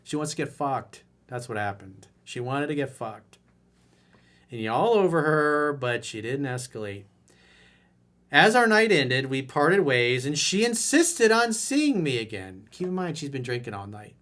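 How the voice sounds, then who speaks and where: A man's voice: mid-range voice, big pitch swings, measured pace, a bit bright. A man who coaches people on dating, reading out a viewer letter and answering it in a blunt, mocking way.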